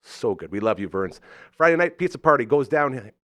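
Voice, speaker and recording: A man hosting a live podcast, effusive and enthusiastic, swinging between loud excitement and soft sincerity while reading sponsor spots. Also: medium pitch, brisk, no room sound. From Canada. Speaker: host. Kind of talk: live podcast talk with ad reads.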